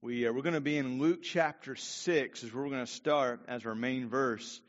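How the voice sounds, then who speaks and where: A man's voice: mid-range voice, steady tone, normal speed, in a large hall, muffled recording. A man preaching a sermon as pastor, speaking casually with frequent fillers.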